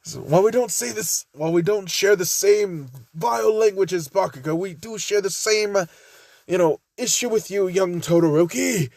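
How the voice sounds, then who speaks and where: Man doing a British schoolboy, prim class president, lecturing, high, dry sound. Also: moderate pace, vocal fry, darkish tone, dry recording. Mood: scolding. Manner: stiff, proper, lecturing. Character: prim teenage boy class president, formal and scolding.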